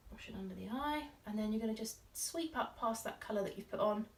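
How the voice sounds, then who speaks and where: A woman with a fairly high voice talks quickly as a makeup artist, chatting casually and playfully through a look while she works. Her tutorial chat is full of giggly asides, and the mic sits slightly distant with faint noise.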